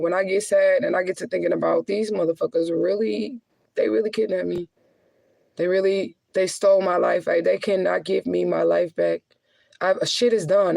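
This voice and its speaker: A woman with a gravelly, fry-tinged voice talks straight to her viewers, blunt and full of swearing. Her laughs come often between the heavier remarks. The sound is close and dry, with no room echo. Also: medium pitch, darkish tone. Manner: profane, blunt, chatty. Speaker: spiritual adviser and vlogger. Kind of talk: casual monologue to viewers.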